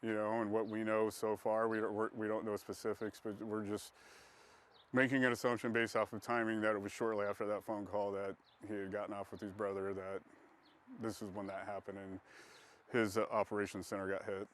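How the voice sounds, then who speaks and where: A middle-aged man with a fairly low, flat voice speaks in a measured and subdued way. His delivery stays even and careful as he recounts what happened. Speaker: grieving father.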